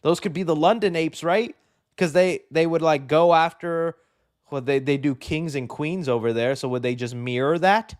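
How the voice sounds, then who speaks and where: A man hosting a live movie news show, chatting casually in an excitable, rambling way with many fillers. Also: on the high side, moderate pace. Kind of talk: casual live-stream chat.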